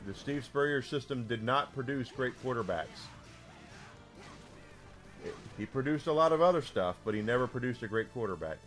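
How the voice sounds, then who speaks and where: Speaking at a normal speed in an animated, mid-range voice, this man streams a game and talks to his chat. His stories wander and keep restarting, and he insists they're true, while game music plays faintly in the background.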